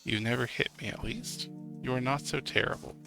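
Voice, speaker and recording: A man voicing a quiet, hesitant teenage girl who speaks softly. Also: mid-range voice, brisk, creaky, over music, lightly acted. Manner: soft, hesitant.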